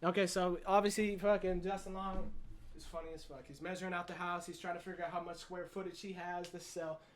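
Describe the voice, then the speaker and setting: High-voiced man excitedly recapping a movie. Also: quick pace, slight background noise. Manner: profane, excited, rambling storyteller. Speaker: movie reviewer. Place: at a desk.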